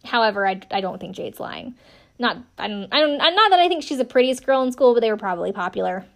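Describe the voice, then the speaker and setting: A woman's voice: a little high, expressive, fast talker, creaky. A woman in her thirties from South Carolina, chatting casually as a podcast host recapping a TV episode, wry and self-deprecating with many "um"s and "like"s. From South Carolina, USA. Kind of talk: casual chat.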